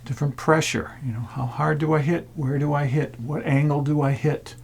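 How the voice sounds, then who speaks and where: A man who plays gongs talks in a relaxed, reflective way about quiet sounds, often dropping his voice into a soft whisper. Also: a little high, normal speed, vocal fry. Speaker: gong player and sound healer. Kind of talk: casual talk to camera.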